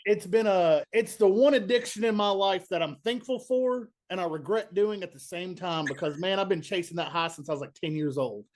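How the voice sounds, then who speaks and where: A young man from Kentucky with a Southern accent, a band's bassist telling stories in a laid-back, chatty way. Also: fairly quick, hardly any pauses, darkish tone. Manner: laid-back, chatty storyteller, says "man" and "dude" a lot. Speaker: band bassist, guest. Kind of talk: casual interview chat.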